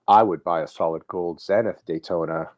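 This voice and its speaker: A man joining a casual livestream chat, quick and agreeable, with halting starts. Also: deep voice, fairly even intonation, lo-fi sound.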